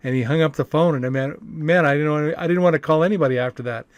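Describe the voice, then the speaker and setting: In a casual talking-head monologue, a man coaches about network marketing, rambling with many fillers and restarts and chuckling often. His voice is fairly high and he talks fast. The recording is dry and muffled.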